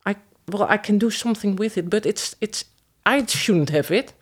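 A woman's voice: medium pitch, moderate pace. A woman guest on a podcast, speaking hesitantly and searching for words with frequent restarts. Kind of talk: casual podcast conversation.

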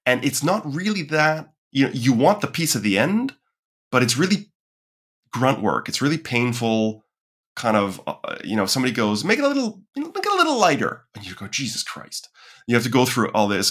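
A lively man with a low voice appears as a podcast guest and content strategist in a casual conversational interview. He acts out quoted voices animatedly and thinks aloud, with frequent restarts and fillers.

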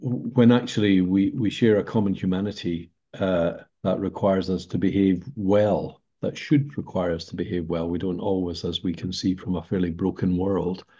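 A man's voice: low-pitched, steady tone, normal speed, hardly any pauses, mellow, husky. An older man, a business leader, answering interview questions thoughtfully, with hesitant restarts. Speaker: podcast guest, senior business leader. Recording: dull lo-fi sound.

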